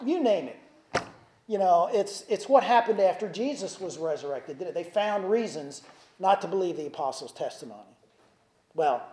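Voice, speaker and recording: Male preacher, mellow tone, conversational sermon, roomy church sound. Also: sits high. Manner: conversational preaching with asides and restarts. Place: church sanctuary.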